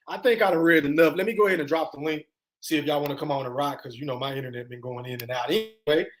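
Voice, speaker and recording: A man hosting a casual livestream podcast, talking excitedly and profanely while reading and answering chat comments. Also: high voice. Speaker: podcast host.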